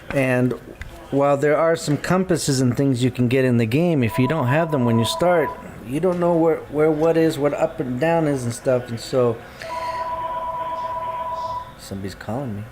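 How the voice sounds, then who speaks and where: A man's voice: mid-range voice, a little mellow, slight background noise. A man streaming a game live, chatting casually and thinking aloud as he sorts his gear and menus. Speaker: gaming streamer. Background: guitar music.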